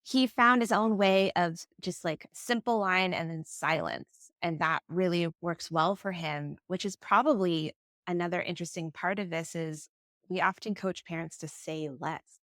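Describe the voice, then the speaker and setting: A woman's voice: lowish voice, a little slow, a bit bright, no room sound, clean studio sound. A woman co-hosting a parenting podcast, chatting in an agreeable way and sharing examples from her own family life. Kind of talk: casual podcast conversation.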